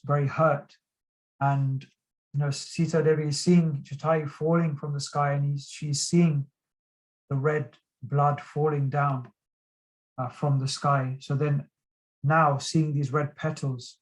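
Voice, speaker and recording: A man giving a devotional talk, earnestly retelling a sacred story with frequent pauses. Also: on the high side, poor audio. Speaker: devotional speaker.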